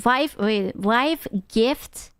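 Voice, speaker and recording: A woman streamer giving casual, animated reaction commentary, gasping and laughing as she talks. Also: fairly high pitch, very slow, smooth, no echo. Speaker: VTuber streamer reacting to videos.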